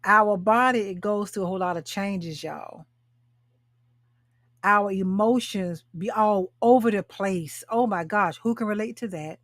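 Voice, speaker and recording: A woman's voice: mid-range voice, unhurried, dry recording, studio quality. A woman in her sixties who hosts a live talk show and coaches other women. She speaks emphatically, repeating her phrases and calling out to her viewers. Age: 60s. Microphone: webcam or phone mic, live stream.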